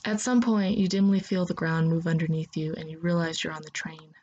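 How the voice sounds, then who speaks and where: A woman narrating a second-person story in a soft, steady voice. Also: deep voice, fairly quick, highs cut off.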